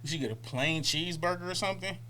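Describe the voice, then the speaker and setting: High, bright-voiced man joking on a podcast. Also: fast, a little hiss or hum. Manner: animated, acts out quotes, laughs often. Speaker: podcast co-host. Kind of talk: casual comedic podcast chat.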